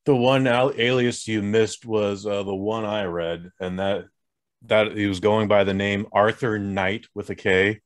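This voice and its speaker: A man's voice: fairly low pitch, fairly even intonation, unhurried, dry recording. A man co-hosting a podcast, reacting to his co-host's story and riffing on jokes. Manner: playful, riffs on jokes and reacts. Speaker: podcast co-host. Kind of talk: casual chat.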